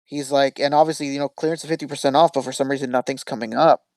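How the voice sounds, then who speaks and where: A man's voice: medium pitch, rapid-fire, no room sound. A man hosting a podcast, telling a story in casual chat, swearing freely and acting out quotes. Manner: profane, animated storytelling with acted quotes. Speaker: podcast host.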